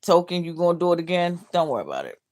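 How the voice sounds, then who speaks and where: A woman's voice: lowish voice, wildly swooping pitch, fast talker, darkish tone. A middle-aged woman hosting a livestream, downcast and heartbroken, reading out comments bluntly with swearing and laughs. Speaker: livestream host.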